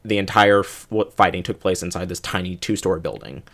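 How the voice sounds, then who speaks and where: A lower-pitched male podcast co-host recounting a chaotic match. He laughs through his own stories in an easy, chatty way. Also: fairly quick. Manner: laughing, animated storyteller. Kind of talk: casual chat.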